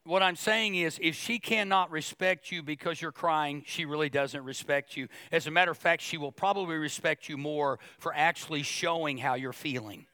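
Bright-voiced animated preacher man. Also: on the high side, normal speed, few pauses, no room sound, studio quality. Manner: animated, jokey, acts out voices of others. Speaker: pastor. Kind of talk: sermon.

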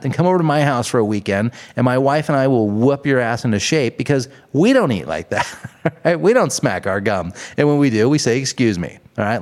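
A man with a middle-pitched voice runs a podcast as a loose, comedic rant. He cusses freely, puts on big exaggerated bits and breaks into laughter at his own jokes. He sounds like a middle-aged guy holding forth about what bugs him. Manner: profane, laughing, exaggerated ranting. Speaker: podcast host.

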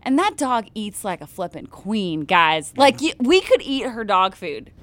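A woman's voice: medium pitch, big pitch swings, unhurried, dry recording. Bubbly woman, chatty and laughing. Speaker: touring country music singer, interview guest. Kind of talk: casual interview chat.

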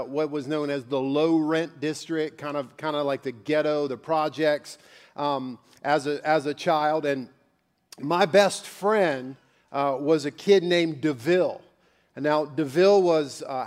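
High-voiced man preaching a sermon. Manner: storytelling, frequent fillers and restarts. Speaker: pastor.

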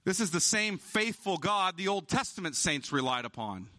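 A man delivers a sermon as pastor, his voice pitched a little high with a bright, forceful edge. He preaches emphatically, drawing out key words to drive them home. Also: big pitch swings, moderate pace.

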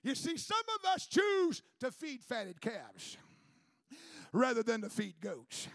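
High, gravelly preaching man. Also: big pitch swings, takes it slowly, no room sound, studio quality. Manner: preaching with rising shouted climaxes. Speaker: pastor. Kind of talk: call-and-response sermon.

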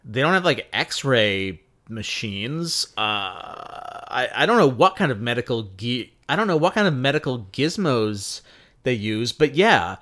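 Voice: medium pitch, animated, a little slow, a bit bright. A podcast co-host in casual chat who laughs easily and rambles, restarting sentences.

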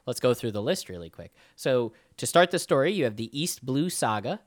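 A man co-hosting a casual podcast chat, animated and swearing freely, with lots of restarts. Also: mid-range voice, fairly quick, dry recording, studio quality. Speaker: podcast co-host. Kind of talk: casual chat about anime.

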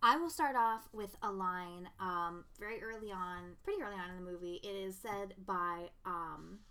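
Bright-voiced young woman, animated and profane. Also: mid-range voice, normal speed, clear, resonant tone. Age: young adult. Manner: animated, profane, heavy use of "like". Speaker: podcast co-host. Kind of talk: casual chat.

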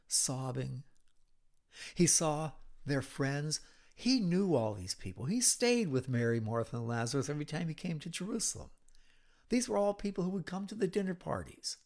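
A man with a voice on the high side preaches a sermon, retelling a scripture story dramatically with hushed, whispered moments.

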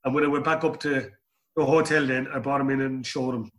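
A middle-aged Irish guest in a storytelling interview speaks a little fast, with a medium-pitched, fairly bright voice and a flat delivery. He rambles and keeps repeating words.

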